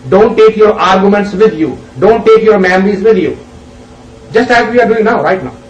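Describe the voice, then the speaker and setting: A man giving a spiritual discourse, an unhurried teacher who tells stories and puts rhetorical questions to his listeners. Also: high voice, slight background noise. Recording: roomy, distant, dull lo-fi recording.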